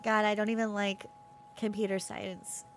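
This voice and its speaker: A woman's voice: medium pitch, little pitch movement, moderate pace, a little hiss or hum, close to an everyday voice. A gloomy young student, as a woman streamer reads it. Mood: glum. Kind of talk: reading game dialogue aloud.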